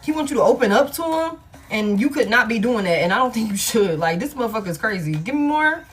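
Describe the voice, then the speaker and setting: A woman reads tarot cards in a loose, blunt, profane way, thinking out loud as she goes. Her voice sits fairly high. Soft music plays underneath her. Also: expressive, fast talker. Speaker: tarot reader. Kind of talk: collective love tarot reading.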